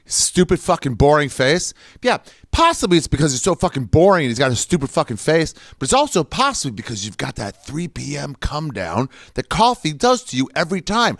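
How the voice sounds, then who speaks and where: A man's voice: mid-range voice, wildly swooping pitch, fairly quick, vocal fry, few pauses, fairly bright tone, no room sound, clean studio sound. A male podcast host reading an ad in a jokey, profane way with silly asides. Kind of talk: ad read.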